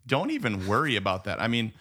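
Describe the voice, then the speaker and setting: A man's voice: lowish voice, huge pitch swings, fast talker, sharp tone, breathy edge. A man co-hosting a movie podcast in casual chat, enthusiastic and rambling, full of "like" and restarts. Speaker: podcast co-host.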